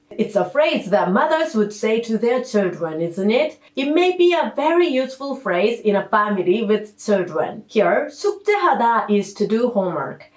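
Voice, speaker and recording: A woman teaching a language lesson in a clear, patient way, with playful asides. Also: a little high. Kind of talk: scripted lesson narration. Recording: roomy echo.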